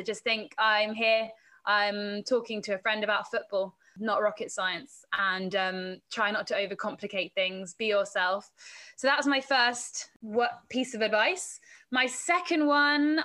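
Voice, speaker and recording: Guesting on a podcast, a woman reporter and presenter from England chats casually about her work in interview answers. She has a fairly high, pushed, bright voice, laughs frequently, and acts out what others told her.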